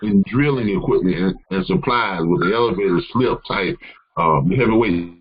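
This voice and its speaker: A man with a low, husky voice hosts a live call-in session and gives advice. He rambles and restarts often, full of "um" and "you know". The audio is dull and lo-fi. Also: moderate pace. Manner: rambling, many fillers and restarts. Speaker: host answering caller questions.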